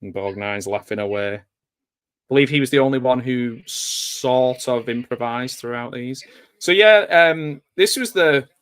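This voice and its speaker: A man's voice: mid-range voice, measured pace, a bit bright, smooth. A man giving a casual, rambling live commentary while watching a movie, drifting into nostalgic asides. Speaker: film commentator.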